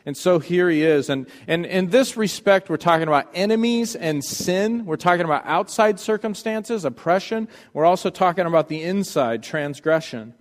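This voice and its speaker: Man preaching a sermon, expressive and dramatic. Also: a little high, normal speed, in a large hall. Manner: dramatic, swings from loud pleading to hushed tones. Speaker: pastor.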